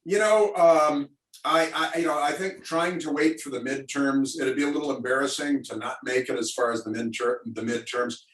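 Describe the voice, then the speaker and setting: A man's voice: medium pitch, normal speed, a bit bright. A man hosting a political talk event over a video call, rambling and sarcastic with lots of fillers. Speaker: radio talk host. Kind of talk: opinionated political commentary to listeners. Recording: roomy, distant mic.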